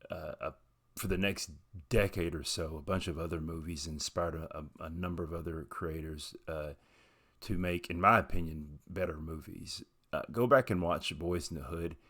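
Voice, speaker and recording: A man's voice: sits low, steady tone, normal speed, fairly bright tone. A man from Southern Appalachia talking frankly through his opinions, thinking aloud as he goes in a casual commentary. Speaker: video host.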